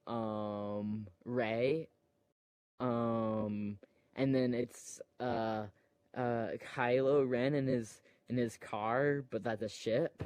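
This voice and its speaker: A man casually retelling a movie plot, rambling and filling his sentences with "like" and "um". He talks slowly at a mid pitch, and his voice sounds dry and close, with no room echo. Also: fairly even intonation, a little mellow. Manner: rambling, full of "like" and "um". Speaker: storyteller.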